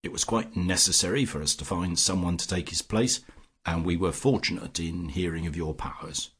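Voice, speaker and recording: A man doing a quiet, sinister older captor. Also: low-pitched, moderate pace, husky. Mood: quiet menace. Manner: quiet, menacing, giggling. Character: soft-spoken sinister older male captor.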